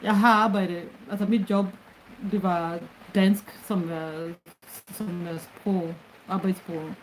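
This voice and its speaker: A woman's voice: mid-range voice, darkish tone, slight background noise, low-quality recording. A middle-aged woman from Kenya, chatting casually as host of her livestream from her bed and laughing often as she greets commenters. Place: bedroom, lying on her bed.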